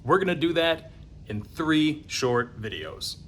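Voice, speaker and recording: Youth minister guy telling bible stories, really animated, swings up and down a lot. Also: fairly high pitch, takes it slowly, slight background noise. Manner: animated storytelling, conversational. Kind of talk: confirmation catechesis video.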